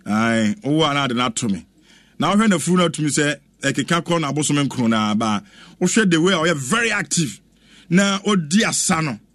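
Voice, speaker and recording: A man with a Ghanaian accent presenting a lively radio chat, exclaiming and chanting as he reacts. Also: a little high, fairly quick, no echo. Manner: animated, exclaims and chants, mixes English with Twi.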